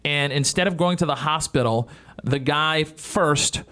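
A man's voice: on the high side, unhurried, sharp tone. A man in his thirties hosting a casual radio talk show, joking and swearing freely.

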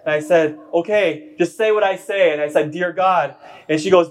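A young man preaching a sermon, telling a family story with animated delivery that builds to shouted declarations. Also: a little high, fairly quick. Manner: animated, acts out a child's voice and rises to shouts.

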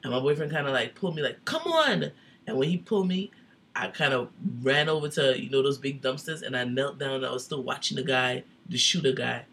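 A man's voice: mid-range voice, steady tone, brisk, fairly bright tone. A man co-hosting a casual podcast chat, an easygoing storyteller who leans on fillers. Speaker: podcast co-host.

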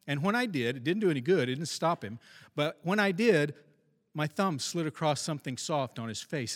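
A man's voice: a little high, fairly bright tone. Man telling a story in a reverberant hall. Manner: wry, self-deprecating storyteller. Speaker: former police officer. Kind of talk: first-person storytelling.

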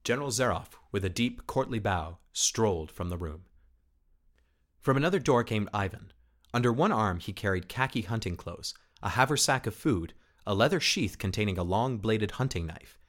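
A man narrating a short story as an audiobook reading, in a measured, steady storytelling manner. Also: fairly low pitch.

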